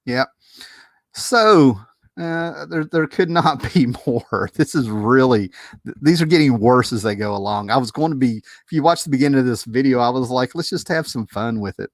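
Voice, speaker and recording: Man, mid-pitched voice, casual reaction commentary, exasperated, rambling with restarts, close mic, dead dry room. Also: moderate pace, dry recording. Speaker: movie commentary video host.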